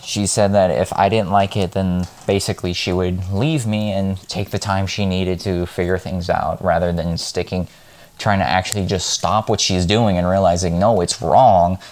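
Low-voiced man, blunt and rambling, venting straight to camera in a casual vlog. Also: flat delivery, moderate pace. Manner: frank, rambling, heated. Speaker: vlogger. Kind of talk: casual monologue.

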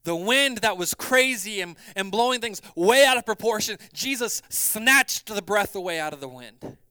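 A man preaching a sermon as pastor, swinging between loud urgency and quiet, hushed passages. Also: high-pitched, animated, normal speed, clear, resonant tone, no echo.

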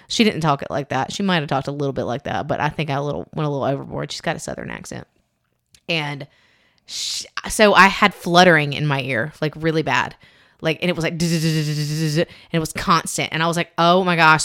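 A woman's voice: low voice, fairly bright tone. A woman podcast co-host chatting casually, telling stories animatedly with squeals and laughs. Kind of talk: casual chat.

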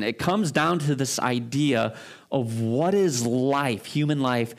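A man preaching a sermon as a pastor, informal and loose, often checking in with listeners. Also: medium pitch. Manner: informal, frequent fillers and restarts, rhetorical check-ins. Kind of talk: conversational sermon.

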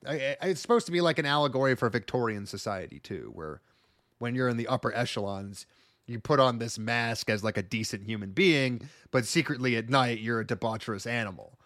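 A man talks through a film in a loose, animated podcast chat, swearing as he goes. His voice sits at an ordinary middle pitch. The recording is close and dry, with no room sound. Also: brisk, no room sound. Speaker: podcast co-host. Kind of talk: casual movie discussion.

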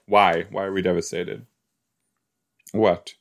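A man hosting a podcast, chatting casually as he reacts to a TV episode, easily amused and quick to gasp and laugh. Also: low-pitched, lively intonation, vocal fry.

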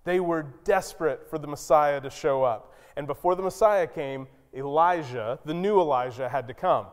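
A man preaching a sermon as pastor, who acts out quoted lines with sudden high, loud outbursts. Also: normal speed. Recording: long hall reverb.

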